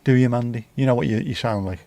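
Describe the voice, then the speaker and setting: Swearing livestream host. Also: male voice, mid-range voice, quick pace, warm tone, no room sound. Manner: banter with swearing and mock accents. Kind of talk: casual livestream chat.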